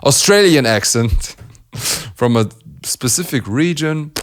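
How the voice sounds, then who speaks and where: A man's voice: medium pitch, lively intonation, slow pace. Enthusiastic man. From Germany. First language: German. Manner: enthusiastic, laughs often, demonstrates sounds. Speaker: beatbox reaction host. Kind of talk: casual analysis commentary.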